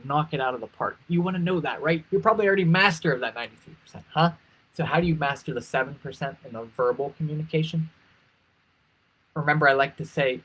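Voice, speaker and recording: A man coaching pageant contestants on a live stream, energetic, repeating key phrases for emphasis and swooping his pitch to demonstrate emotions. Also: breathy edge, low-quality recording. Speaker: interview coach.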